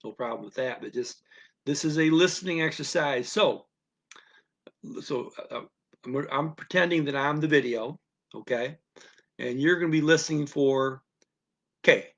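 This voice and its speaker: A man teaching a listening lesson on a live stream, patient and repetitive, checking in with "okay?" again and again. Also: fairly high pitch. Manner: slow, patient, repeats instructions with frequent "okay?". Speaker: language teacher.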